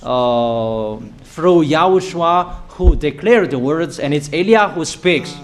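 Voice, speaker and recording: Preacher, male, higher-pitched, slow and emphatic, declaiming prophecy. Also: animated. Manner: declaiming, emphatic, repeats warnings, halting fillers. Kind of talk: prophetic sermon.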